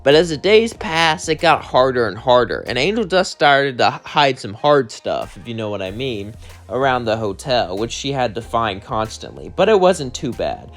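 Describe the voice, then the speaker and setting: A man's voice: mid-range voice, big pitch swings, moderate pace, faint music behind. A man narrating a fan-made what-if story in a rambling way, with restarts.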